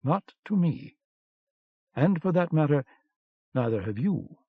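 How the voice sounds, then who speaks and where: A man's voice: a little high, sing-song, slow pace, husky, no room sound, pitched above the performer's own voice, heavily acted. A man reading an audiobook, voicing a cold, curt female spy with a frosty manner, on a dull lo-fi cassette recording. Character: cold, veiled female resistance agent, icy and curt.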